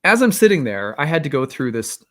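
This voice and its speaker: A man's voice: fairly high pitch, sing-song, a little fast, fairly bright tone. A man hosting an astrology channel, telling a personal story in a candid, rambling way with many fillers and self-deprecating asides. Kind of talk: casual storytelling monologue.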